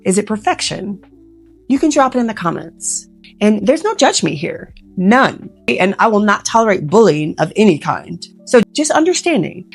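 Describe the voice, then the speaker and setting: A woman, a professional organizer, giving earnest, emotional and gently reassuring advice straight to the viewer. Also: mid-range voice. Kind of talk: heartfelt direct-to-camera advice.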